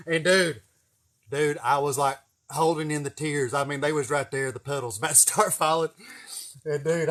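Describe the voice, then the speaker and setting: A man's voice: fairly high pitch, steady tone, normal speed, a bit bright. Man, 40s; folksy, profane storyteller who chuckles as he goes. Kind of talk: casual storytelling to camera.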